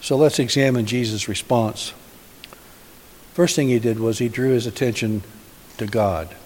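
A man's voice: mid-range voice, measured pace, a little mellow. A man giving a sermon as a pastor, asking the congregation many rhetorical questions in a conversational way. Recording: hissy recording in a reverberant hall.

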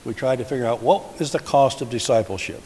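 A man's voice: mid-range voice, quick pace, a little mellow. Man preaching a conversational sermon. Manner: questioning, conversational preaching with rhetorical questions. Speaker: pastor. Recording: hissy recording in a reverberant hall.

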